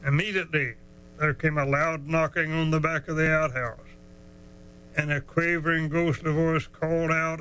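Bright-voiced storyteller man. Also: fairly high pitch, fairly even intonation, creaky, slight background noise, low-quality recording. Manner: drawling, chuckling, dramatic slowdowns. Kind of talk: folksy storytelling.

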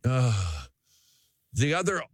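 A man's voice: mid-range voice, huge pitch swings, slow, breathy edge, dry recording, studio quality. A man with a Minnesota accent hosting talk radio, rambling in a chatty way with jokey asides. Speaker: radio talk show host. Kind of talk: casual talk radio monologue.

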